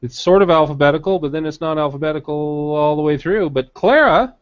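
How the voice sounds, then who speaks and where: A man's voice: fairly high pitch, fast talker, highs cut off. A man co-hosting a live webinar, casual and hesitant, with many fillers as he reads out winners. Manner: hesitant, many fillers while reading names. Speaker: webinar co-host.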